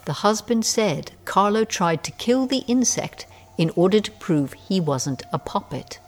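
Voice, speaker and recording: An actress playing a brisk, businesslike technician who gives crisp commands. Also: female voice, mid-range voice, lively intonation.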